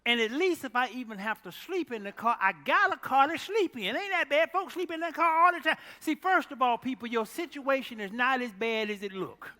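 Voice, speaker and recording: A man preaching a storytelling sermon, animated, exclaiming loudly at times and dropping to a hush at others. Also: very high-pitched, fairly quick, few pauses, long reverb tail.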